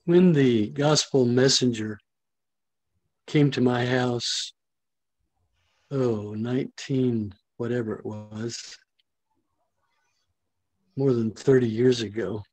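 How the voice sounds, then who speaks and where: A man who is a pastor sharing a testimony in a group call. He speaks in an unhurried, reflective way and pauses to recall details. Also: mid-range voice, steady tone, darkish tone, no room sound.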